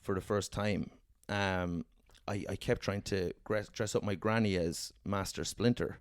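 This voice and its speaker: A man's voice: low-pitched, fairly even intonation, unhurried, dry recording, studio quality. Rambling, swearing man. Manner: profane, rambling anecdotes, quoting people in raised voices. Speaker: podcast co-host. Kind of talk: casual storytelling chat.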